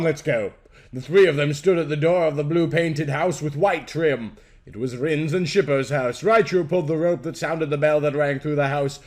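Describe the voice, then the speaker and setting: A young man, a podcast host, giving a tired, mock-dramatic comic reading of fan fiction. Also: fairly high pitch.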